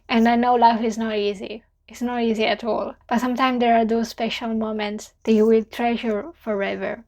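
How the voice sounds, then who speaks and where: Earnest young Italian woman, bright voice. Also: on the high side. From Italy. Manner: earnest, heartfelt, simple non-native phrasing. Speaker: vlogger. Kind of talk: reflective farewell vlog.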